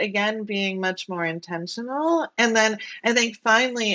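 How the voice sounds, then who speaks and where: A woman's voice: mid-range voice, fairly bright tone. Chatty woman guest on a remote call. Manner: talks freely, frequent "like" and "right?". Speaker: engineering leader, guest. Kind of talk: conversational interview answers.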